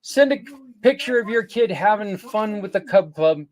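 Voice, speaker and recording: Older male podcast host, higher-pitched, earnest and rambling, casual promotional delivery with self-corrections. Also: animated, normal speed.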